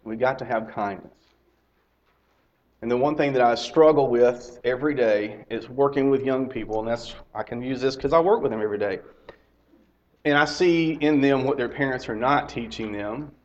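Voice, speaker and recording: A middle-aged lay preacher and teacher delivers a conversational sermon to his congregation, repeating key phrases and putting direct questions to listeners. His medium-pitched voice moves at a normal speed and sounds a little mellow. The lo-fi recording is slightly dull.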